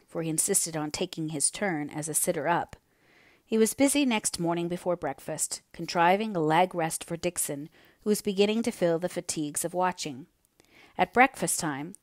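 A woman reads a classic novel aloud in measured, steady scripted narration. Her voice sits on the lower side, and the recording is close and dry with no room sound. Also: no echo. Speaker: audiobook reader.

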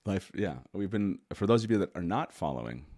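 A man's voice: low-pitched, very animated, fairly quick, a little mellow, no room sound, clean studio sound. A man hosting a casual live talk show, rambling and correcting himself with a chuckle. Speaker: host.

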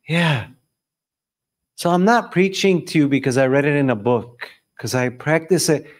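Animated preacher man, high voice. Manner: animated, asks the audience questions and answers them himself; swings between loud bursts and quiet, slowed-down emphasis. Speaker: religious discussion leader. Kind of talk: lively sermon to a live audience.

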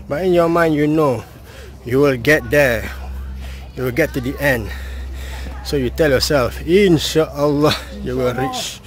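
A man's voice: mid-range voice, unhurried, pauses often. A man, casually talking to the camera while climbing steps outdoors, a bit out of breath. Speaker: outdoor educator vlogger. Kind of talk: casual vlog narration while hiking. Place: outdoors on a hillside trail.

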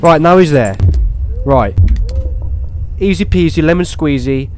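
A young man playing a horror game, talking to himself and swearing, with sudden excited outbursts. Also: fairly high pitch, a little slow, slight background noise. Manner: swears, talks to himself, swings between muttering and excited outbursts. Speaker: gaming YouTuber. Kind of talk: horror game let's play commentary.

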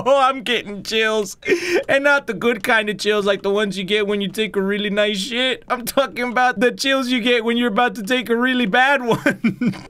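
Guy gaming, kinda high voice, cussing and joking around, tosses in spanish. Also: a little slow, fairly bright tone, clear, resonant tone. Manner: profane, joking, switches into Spanish. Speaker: VR gamer, channel host. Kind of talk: let's-play commentary.

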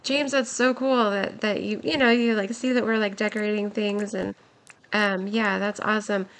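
A young woman giving excited, giggly commentary while playing a game, her voice worn from a long stream. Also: mid-range voice, moderate pace. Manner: gushing, giggly, exclaims often. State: voice nearly gone, worn.

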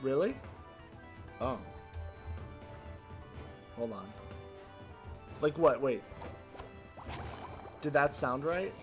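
A male streamer with a medium-pitched voice commentates live on his gameplay over game music, talking extremely slowly and pausing often. He's excitable and laughing, yelping at the game and talking to his chat.

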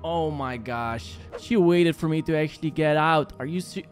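This young gaming YouTuber's voice is a little high and moderately paced as he gives horror game commentary. He grows jumpy and panicky running through a maze, calls his viewers "guys," and game music plays in the background.

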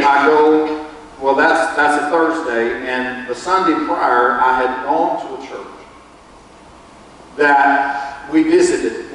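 A man's voice: medium pitch, a little hiss or hum. Man, pastor, folksy sermon storytelling, distant mic, echoey church hall. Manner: folksy storytelling, quotes others in lively bursts. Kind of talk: sermon testimony. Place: church sanctuary.

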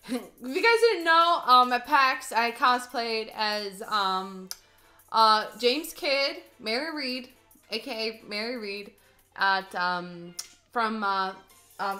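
Bubbly high-voiced woman streamer. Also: bright, forceful tone. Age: 30s. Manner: bubbly, giggly, rambling. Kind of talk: casual live-stream chat.

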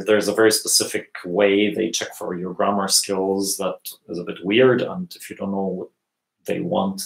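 Creaky-voiced man teaching from home. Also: deep voice. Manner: explains patiently, many fillers and restarts. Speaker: language teacher. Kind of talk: live Q&A lesson. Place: home room at dusk. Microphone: earphones with mic. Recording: echoey room.

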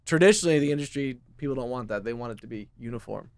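A man's voice: medium pitch, racing, gravelly, a little mellow, no echo. A man from Texas, a company founder, chatting as a podcast guest and explaining things earnestly with many fillers. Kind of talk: casual podcast chat.

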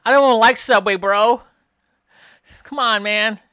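Slow-talking exasperated woman gamer. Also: on the high side, fairly bright tone, no room sound, studio quality. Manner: exasperated, keeps tacking on "man" and "bro". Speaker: gameplay commentator. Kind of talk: comedic improvised gameplay commentary.

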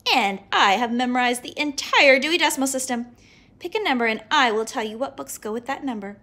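A woman voicing a grand, shouty female superhero librarian in a storybook reading. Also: on the high side, a little fast. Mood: grandiose.

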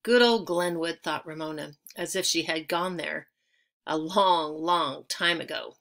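A woman's voice: low voice, steady tone, measured pace, gravelly, sharp tone. A woman reading a children's chapter book aloud, telling it expressively and lingering on key words. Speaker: audiobook reader.

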